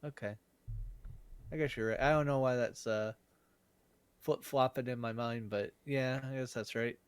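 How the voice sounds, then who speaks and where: A man's voice: medium pitch, steady tone, normal speed, clean tone, dry recording. A man co-hosting a casual wrestling podcast, laid-back and mostly giving short replies. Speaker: podcast co-host.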